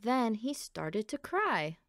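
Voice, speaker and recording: A woman reading a children's picture book aloud in a gentle, expressive storytelling voice, close to the mic. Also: fairly high pitch, slow, no room sound. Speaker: storybook reader.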